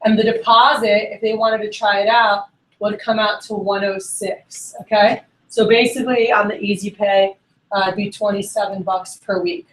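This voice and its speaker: A middle-aged woman sales manager giving an energetic sales training workshop and acting out phone conversations. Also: medium pitch, moderate pace, rough recording. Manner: energetic, acts out phone dialogues.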